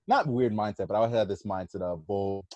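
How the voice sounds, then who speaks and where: A man with a lowish voice chats casually and tells animated, profane stories. His talk is heavy with swearing. The sound is dry and close. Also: fast talker, dry recording, muffled recording. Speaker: podcast co-host. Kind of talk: casual chat.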